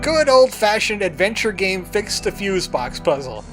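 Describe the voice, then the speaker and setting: Brief: male streamer, wry sarcastic gameplay commentary, lively intonation. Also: high voice, unhurried, over music.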